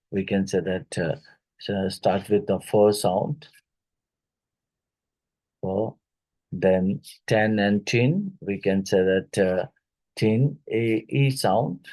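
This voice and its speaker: A man with an Indian English accent leads an exam-prep phonetics lesson at an unhurried pace. His voice sits fairly low and sounds mellow and dark. He hesitates often and repeats each word slowly to show how it is said. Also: low-quality recording. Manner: halting, many fillers, repeats words slowly to model pronunciation. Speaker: English teacher.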